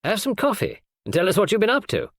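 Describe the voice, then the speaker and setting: A man voicing a hearty, teasing gentleman of the house in a storybook reading. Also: high voice, wildly swooping pitch, quick pace, dry recording, studio quality, pitched above the performer's own voice, heavily acted.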